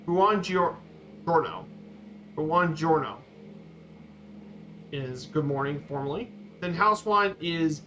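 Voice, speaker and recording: A man streaming a flight simulator, giving a casual slideshow talk with halting, repeated words and fillers. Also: high voice, sharp tone. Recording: dull lo-fi stream audio with faint noise.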